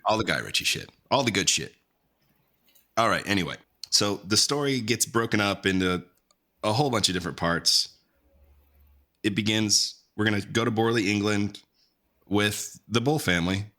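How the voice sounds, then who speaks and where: A man's voice: lowish voice, normal speed, pauses often, sharp tone. A man hosting a podcast in casual, laid-back chat, joking and swearing easily. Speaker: podcast host.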